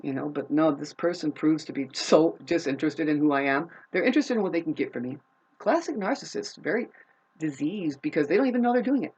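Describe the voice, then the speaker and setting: A woman ranting to camera in a profane, rambling, confrontational way, swinging between loud outbursts and low muttering. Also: animated, fairly quick, breathy edge, highs cut off. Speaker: vlogger. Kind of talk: unscripted rant to camera.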